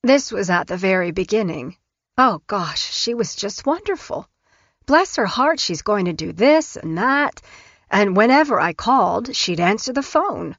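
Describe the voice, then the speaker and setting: A woman's voice: mid-range voice, expressive, measured pace, a bit bright, no room sound. A woman voicing a persistent, suspicious grandmother who presses with blunt questions, in an audiobook. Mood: recalling. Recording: dull, dry studio recording.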